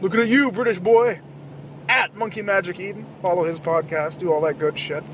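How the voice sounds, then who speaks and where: A man with a high voice, rambling and swearing through a casual late-night monologue. He talks from inside a moving car, with faint road noise behind him. He bursts into loud, animated outbursts every so often. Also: fairly quick. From American South. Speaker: podcast host.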